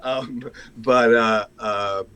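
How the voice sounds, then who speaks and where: A man's voice: mid-range voice, steady tone, very slow, fairly bright tone, smooth, poor audio. Candid, self-deprecating man sharing. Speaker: congregation member sharing a story. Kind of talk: personal sharing in a group.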